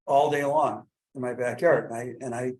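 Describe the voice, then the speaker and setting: A man on a village board, speaking at a public meeting in a halting way with many restarts. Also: medium pitch, steady tone, a little mellow, rough recording. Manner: hesitant, many restarts and fillers. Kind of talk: meeting discussion.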